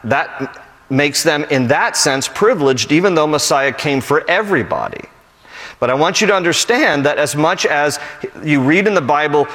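A man's voice: on the high side, a bit bright, big-room sound. A man teaching a Bible passage as a pastor, conversational and earnest, building to emphatic points.

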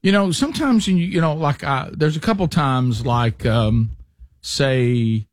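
A man's voice: mid-range voice, measured pace, no echo. Rambling male talk show host, dry sound. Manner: rambling storyteller with frequent restarts. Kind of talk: casual talk show banter.

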